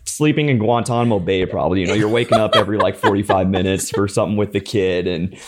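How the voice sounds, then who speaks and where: A man's voice: lowish voice, fast. A young man chatting casually as a podcast guest, joking at his own expense and laughing as he talks. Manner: self-mocking, jokey, laughs while talking. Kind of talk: casual chat.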